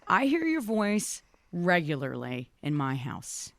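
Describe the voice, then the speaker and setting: A woman's voice: on the low side, huge pitch swings, slow, gravelly, a bit bright, no echo. A woman radio host interviewing a guest in an upbeat way and laughing often.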